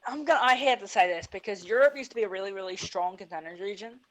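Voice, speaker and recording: A woman's voice: mid-range voice, fast, rough recording. A woman co-hosting a casual esports podcast, frank and opinionated. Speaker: podcast co-host.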